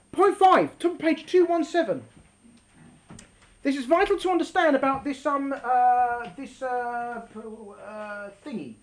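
A woman teaching a class, reading from a text and explaining it, and stretching out words for emphasis. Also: medium pitch.

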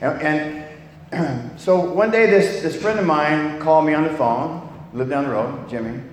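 Telling his life story in a recovery testimony, this older man from California speaks with blunt candor, cursing often and frequently starting sentences over. His voice is a little high and a little slow, captured in an echoey hall with long reverb and a faint background hiss.

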